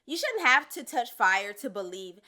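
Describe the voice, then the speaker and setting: A woman's voice: on the high side, big pitch swings, moderate pace, sharp tone. A woman hosting a commentary show, talking in a blunt, sassy and profane way. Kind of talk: casual social commentary.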